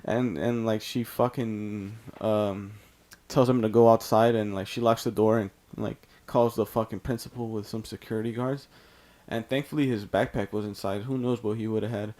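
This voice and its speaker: A man with a lowish, darkish voice speaks at a normal speed in a steady tone. He's a storytime YouTuber from California, casually telling a story over gameplay, rambling and profane with lots of fillers and constant use of "like".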